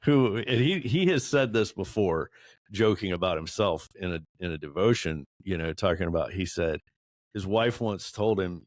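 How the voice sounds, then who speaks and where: Deep-voiced earnest man in a group talk. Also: lively intonation, moderate pace, no echo, clean studio sound. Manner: earnest, self-deprecating, laughs while telling stories. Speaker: podcast panelist. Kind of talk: candid group discussion.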